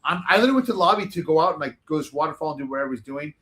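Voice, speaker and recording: A man telling casual, animated stories as a talk show guest, rambling with lots of fillers and restarts. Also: a little high, very fast.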